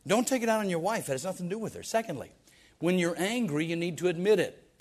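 Preaching man, fairly high voice. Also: expressive, fast talker. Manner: emphatic preaching with stammered restarts and rhetorical questions. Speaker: pastor. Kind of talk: sermon.

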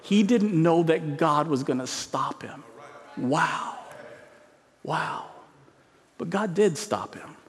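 A man preaching a sermon with emphasis, his voice climbing high on key words between musing pauses. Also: lively intonation. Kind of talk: expository sermon. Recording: long reverb of a large hall.

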